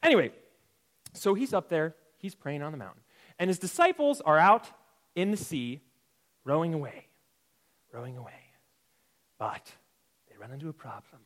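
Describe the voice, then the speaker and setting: A man's voice: on the high side, sing-song, moderate pace, long pauses, fairly bright tone. A young man teaching a playful, jokey Bible lesson to children, often asking the audience questions. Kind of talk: lively kids' Bible lesson.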